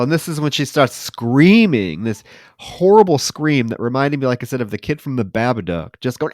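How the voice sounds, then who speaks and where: A man co-hosting a podcast, retelling movie scenes in an animated, casual way and swearing freely. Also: medium pitch, normal speed, no echo, studio quality. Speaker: podcast co-host.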